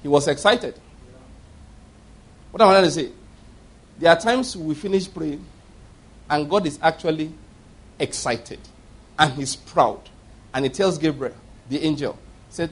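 Husky-voiced male preacher, emphatic storyteller. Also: fairly high pitch, measured pace, pauses often. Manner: emphatic storytelling preacher who acts out quoted speech. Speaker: pastor. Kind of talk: sermon.

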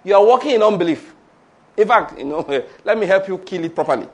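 A man delivers a sermon in a high-pitched voice. He laughs between his points, drifts from slow, weighty lines into quick asides, and has the congregation repeat after him. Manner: animated, laughing asides, call-and-response with congregation. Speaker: pastor.

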